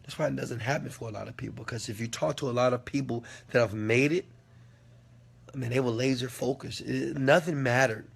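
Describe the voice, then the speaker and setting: Gravelly man giving a fiery motivational talk. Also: mid-range voice, brisk. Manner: preachy, repeats lines for emphasis, swears, swings from quiet to loud. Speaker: motivational speaker answering a question.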